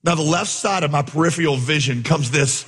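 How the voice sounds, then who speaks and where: A man preaching a sermon, telling a story with lively acted-out dialogue before turning to the message. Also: on the high side, fairly quick, slight background noise. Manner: animated storyteller, acts out dialogue. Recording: long hall reverb.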